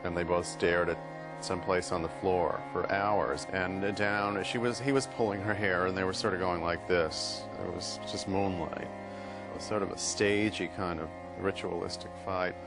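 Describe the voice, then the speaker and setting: Low-voiced man, dry casual raconteur, with heavy music playing under him. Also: fairly even intonation, normal speed. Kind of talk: casual anecdote.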